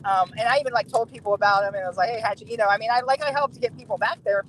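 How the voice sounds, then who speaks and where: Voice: medium pitch, rapid-fire, a bit bright, slight background noise, rough recording. A podcast guest chatting casually and telling a rambling story, with many fillers and laughs. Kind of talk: casual chat.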